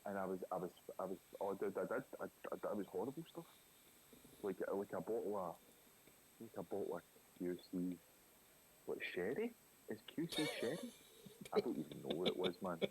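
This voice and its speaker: A man's voice: low voice, sing-song, moderate pace, pauses often, darkish tone, low-quality recording. A man with a Scottish accent chatting casually on a live drawing stream, rambling through stories with many fillers. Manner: rambling anecdotes with lots of fillers and laughs. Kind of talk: casual chat. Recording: faint hiss.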